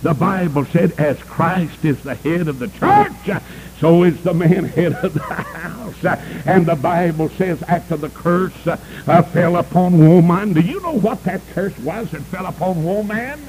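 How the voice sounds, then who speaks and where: A man's voice: expressive, measured pace, a little mellow, a little hiss or hum, poor audio. A male preacher, delivering a fiery sermon and calling out to the congregation for amens. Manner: emphatic, swooping pitch, calls for amens.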